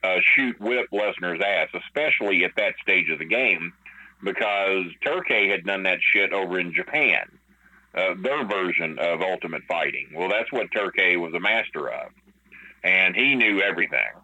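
Male podcast guest with a low, bright, forceful voice, swearing freely and rambling through a backstage story, slightly muffled audio. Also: expressive, normal speed. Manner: profane, rambling, with many fillers. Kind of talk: casual storytelling.

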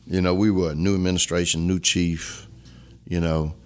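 Mężczyzna w średnim wieku z akcentem z Luizjany, z bardzo niskim głosem, opowiada szczerze i z namysłem w wywiadzie. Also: male voice, little pitch movement, moderate pace, clean tone. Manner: earnest, reflective, drops to a low hush when emotional. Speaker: former police chief, guest. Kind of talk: candid storytelling interview.

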